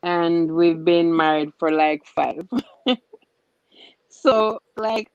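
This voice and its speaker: A woman guest on a video call, talking in a relaxed, unhurried way about her marriage. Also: fairly low pitch, clear, resonant tone, no room sound, muffled recording. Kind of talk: casual chat on a video call.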